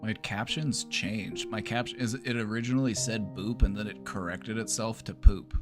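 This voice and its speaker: A man's voice: lowish voice, fairly even intonation, normal speed, over music. A therapist chatting casually on a livestream, playful and easygoing, often repeating his phrases and laughing. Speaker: therapist streamer.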